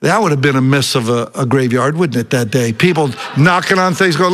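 A man preaching a sermon, storytelling with lively acted-out voices and rising emphasis. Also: mid-range voice, fairly quick. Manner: animated preaching, acting out Bible voices. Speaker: pastor.

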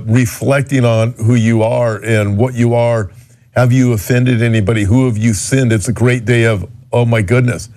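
Earnest man explaining on a radio ministry. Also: mid-range voice. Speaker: pastor and co-host.

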